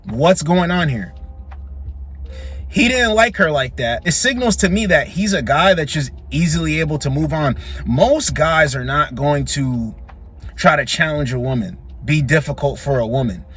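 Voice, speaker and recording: Husky, blunt male dating commentator. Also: a little high, normal speed, a bit bright. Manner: blunt, opinionated, emphatic repetition. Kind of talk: reaction commentary.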